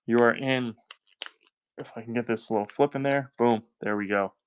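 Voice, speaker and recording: A man's voice: medium pitch, steady tone, moderate pace, clean tone, dry recording. A man with a Southern US accent hosting a live-stream coin auction, talking in upbeat, chatty selling patter and thanking buyers by name.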